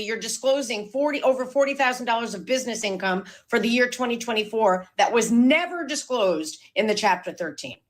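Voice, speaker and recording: A stern woman leads formal questioning at a bankruptcy hearing. She presses the debtor and cuts off interruptions. Her voice sits fairly high. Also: fairly bright tone.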